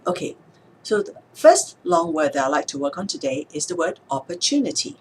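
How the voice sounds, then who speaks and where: A woman speech therapist explaining speech techniques in a calm, measured way, sometimes slowing down to show a word's stress. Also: low-pitched, slight background noise. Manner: calm, measured, demonstrates words slowly with stress. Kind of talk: instructional explanation to camera.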